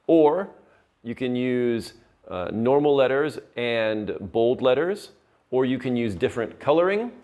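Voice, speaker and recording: A man's voice: mid-range voice, a little mellow. A male teacher giving a lesson on poetry terms, patiently explaining and checking in with his students.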